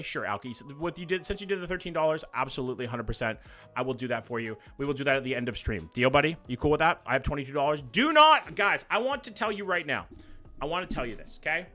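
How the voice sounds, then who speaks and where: A young man with a slightly high, sharp-toned voice talks fast and expressively as he hosts a livestream with faint music behind him. Reading out viewer comments, he keeps the chat loose, profane and joking.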